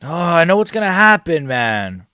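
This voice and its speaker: A man's voice: a little high, big pitch swings, normal speed, pushed and bright, clean tone, dry recording, studio quality. A young man streaming a live fight reaction, talking casually to his viewers in a muttered, profane running commentary. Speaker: MMA streamer.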